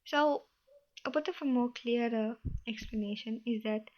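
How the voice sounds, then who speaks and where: Young female study host, casual explainer, a touch high, muffled home recording. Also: normal speed. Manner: chatty, loose, repeats herself while explaining.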